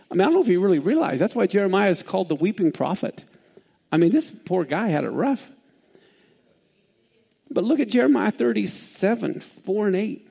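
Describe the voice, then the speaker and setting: A man preaching a sermon, reading scripture aloud with sudden swings in pitch. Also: big pitch swings, a little fast, creaky, dark tone, breathy edge.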